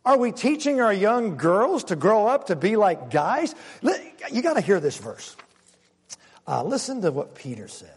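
High-voiced preacher in a reverberant hall. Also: male voice, big pitch swings, slightly rough. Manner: emphatic preaching with dramatic pauses, swinging from loud to hushed. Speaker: pastor. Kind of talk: sermon.

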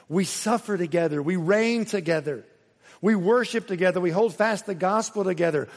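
A man delivers a sermon in a fairly high voice, earnest and often emphatic as he repeats key words. His voice rings out with a long reverb, as in a big hall. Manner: earnest, rising to emphatic repetition. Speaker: pastor.

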